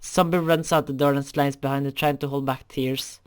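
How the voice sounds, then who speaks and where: A man's voice: mid-range voice, steady tone, normal speed, smooth. A young man reading a fan story aloud, often stumbling over words and correcting himself.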